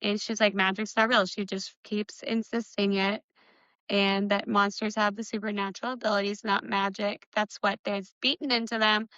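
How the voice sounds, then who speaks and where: A bright-voiced young woman chats her way through a book recap, full of "like" and "um" and quick laughs. The sound is close and dry, a little dull and lo-fi. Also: mid-range voice, little pitch movement, dry recording. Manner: chatty recapping with giggles and filler words. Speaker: book podcast co-host. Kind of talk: casual book discussion.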